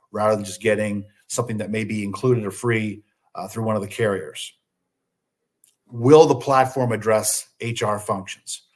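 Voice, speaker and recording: A man giving a business webinar presentation, posing questions and then answering them himself, with frequent "uh" fillers. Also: fairly low pitch. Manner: slows down deliberately for listing items.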